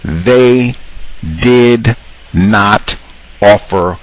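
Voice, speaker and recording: A man hosting a casual commentary monologue, calling his listeners cousins and acting out the people he quotes in higher voices. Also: very slow, rough recording. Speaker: host.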